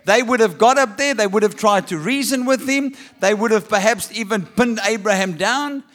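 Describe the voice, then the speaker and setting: A man's voice: high voice, moderate pace, fairly bright tone. A man preaching a sermon, reading scripture and asking rhetorical questions with humorous asides. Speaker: pastor.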